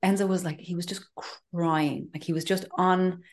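Chatty woman, candid and lowish. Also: steady tone, normal speed. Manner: candid, chatty storyteller with many fillers and restarts. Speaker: podcast co-host. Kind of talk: casual chat.

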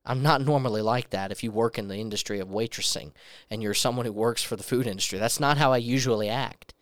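A man's voice: medium pitch, fast talker, no room sound, clean studio sound. A young man giving a personal testimony as a sermon, earnestly telling a story and acting out the dialogue in it. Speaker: preacher.

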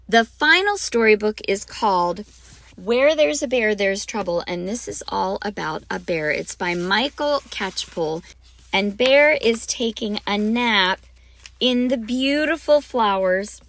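A woman's voice: medium pitch, fairly bright tone, no echo. A woman hosting a podcast for music teachers, talking in a bubbly, gushing way with frequent ums. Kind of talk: enthusiastic teaching talk.

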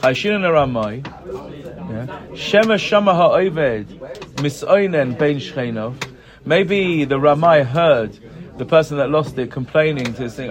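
A man's voice: on the high side, lively intonation, a little slow. Chatty man teaching a class. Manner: reads the text aloud, then explains it in chatty English with many "right? yeah?" checks. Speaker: Talmud teacher. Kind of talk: chatty text study class. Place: study class with students present. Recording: room with group chatter heard.

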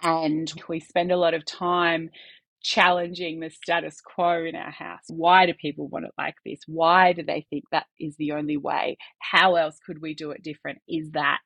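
A woman's voice: deep voice, flat delivery, moderate pace, creaky, a bit bright, dry recording. A woman, a podcast guest talking candidly in earnest bursts with some restarts.

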